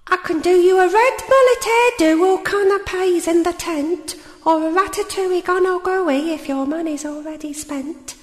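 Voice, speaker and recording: A woman's voice: sits high, pitched above the performer's own voice. A woman voicing a chatty, gossiping woman who runs a village cafe, rattling off cheery rhyming patter and saying "me" for "my". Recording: roomy hall with long reverb.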